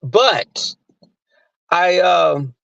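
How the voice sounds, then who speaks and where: A man's voice: sits high, expressive, drawn-out words, creaky, fairly bright tone, no echo. A man hosting a livestream, talking crudely and rambling in casual chat, often laughing. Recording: dry muffled recording.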